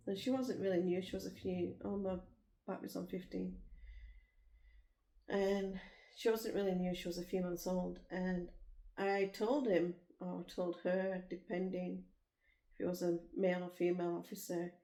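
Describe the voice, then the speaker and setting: A woman's voice: mid-range voice, little pitch movement, unhurried, warm tone. Rambling Liverpool woman in a roomy echo. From Liverpool, England. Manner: rambling, frank storytelling. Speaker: vlogger. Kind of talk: casual chat.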